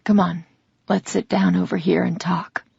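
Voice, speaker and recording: A woman narrator voicing a caring older motherly woman who speaks softly, slowly and a little raspily, in a slightly dull, dry audiobook recording. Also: lowish voice, level tone, dry recording, full character voice. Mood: tender. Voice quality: small, slightly raspy voice. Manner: soft, slow, consoling. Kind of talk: audiobook character reading.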